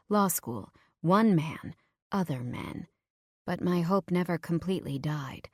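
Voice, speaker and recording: Low-voiced woman narrating an audiobook. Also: no echo, studio quality. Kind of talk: scripted first-person audiobook narration.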